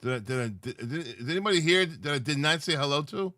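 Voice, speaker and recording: A man's voice: on the high side, expressive, quick pace, pushed and bright, dry recording, studio quality. A sleepy man hosting a livestream, chatting loosely with viewers and teasing them. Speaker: livestream host. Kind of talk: casual livestream chat.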